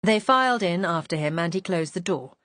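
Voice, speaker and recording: A woman's voice: fairly low pitch, expressive, a little fast, fairly bright tone, no echo. A woman reading a first-person mystery audiobook in a composed, wry storytelling manner. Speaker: audiobook narrator.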